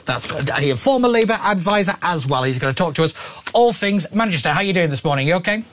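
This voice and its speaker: A man's voice: high-pitched, expressive, fast talker, a bit bright. A man hosting a talk radio show, chatting in an opinionated way, reading listener texts and often restarting his sentences. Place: broadcast studio.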